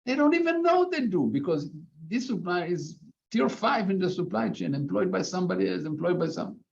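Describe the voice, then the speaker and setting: A man's voice: high voice, sing-song, a little fast, gravelly. Man explaining over dull lo-fi audio. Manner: explanatory, with frequent restarts. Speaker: academic panelist. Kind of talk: panel discussion. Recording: dull lo-fi audio with faint noise.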